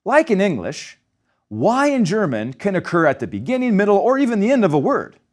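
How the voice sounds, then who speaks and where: With a voice that sits high, a man gives a scripted lesson in German pronunciation, speaking animatedly and slowing to model each sound.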